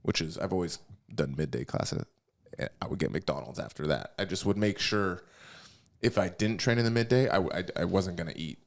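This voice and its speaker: A man's voice: deep voice, lively intonation, brisk, creaky. A man hosting a podcast, chatting casually and rambling through his thoughts with many restarts. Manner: rambling, restarts often, laughs easily. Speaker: podcast host. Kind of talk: casual chat.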